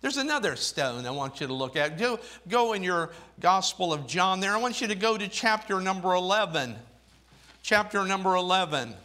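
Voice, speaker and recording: A man preaching a sermon, reading scripture in old-fashioned wording and swinging between soft, low phrases and raised, emphatic ones. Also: lively intonation, normal speed. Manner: reads scripture aloud in King James wording.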